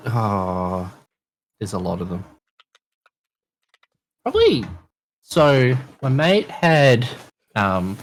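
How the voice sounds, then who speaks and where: Over slight background noise, a fairly low-voiced Australian man in his twenties chats on a podcast. He tells stories animatedly, swearing freely and performing the characters in them.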